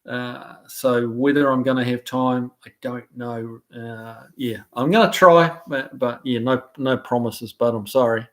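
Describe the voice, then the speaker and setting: A man's voice: mid-range voice, steady tone, measured pace, hardly any pauses. New Zealand man chatting casually on a live stream. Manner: reads viewer comments aloud and answers them loosely, with many fillers and restarts. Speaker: host of a live stream reading chat.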